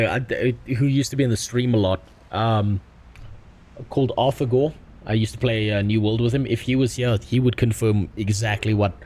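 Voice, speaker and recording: A young adult man streaming a game, chatting casually in a rambling way with crude deadpan jokes. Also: medium pitch. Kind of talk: casual chat while gaming.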